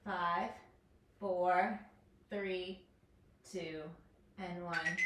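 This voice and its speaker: Speaking slowly with a fairly low pitch and frequent pauses, a woman fitness instructor guides a home workout. She counts down reps and cheers her viewers on, upbeat and encouraging, in an echoey room picked up by a distant mic with faint noise.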